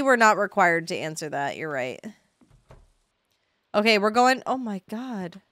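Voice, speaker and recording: Young adult woman, let's-play streamer; slow, wry, chatty delivery with mild swearing; dry close mic. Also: mid-range voice, animated, a bit bright, dry recording. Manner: chatty, sarcastic, swears, yelps when panicked. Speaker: streamer playing a farming game. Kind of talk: casual let's-play commentary to chat.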